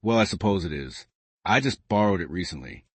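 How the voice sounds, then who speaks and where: A nervous woman passenger, voiced by a man answers softly and hesitantly. The voice is low but moves a lot in pitch, and the sound is dry and close. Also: animated, a little fast, breathy edge, no room sound, heavily acted. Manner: soft, hesitant. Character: nervous woman claiming to be a teacher. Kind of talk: storybook reading.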